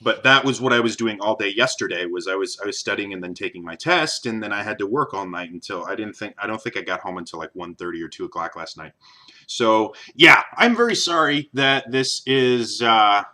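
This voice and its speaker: A man's voice: on the low side, lively intonation, a little fast, sharp tone. A young man with a neutral General American accent, talking casually to camera in a rambling vlog, with many ums and restarts. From American Midwest. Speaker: vlogger.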